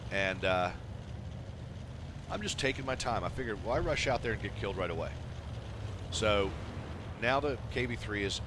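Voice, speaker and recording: Deep-voiced laid-back gamer man. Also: noisy background. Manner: laid-back, swears freely, mimics teammates. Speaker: gamer commenting on a replay. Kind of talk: casual replay commentary. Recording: game sounds of gunfire and engines behind. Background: tank battle game sounds, artillery fire.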